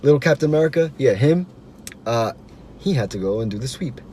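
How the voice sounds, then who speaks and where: A man's voice: medium pitch, expressive, fairly quick, dark tone, a little hiss or hum. A man hosting a podcast, telling a story in a loose, slangy, profane way. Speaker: podcast host. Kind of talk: casual storytelling.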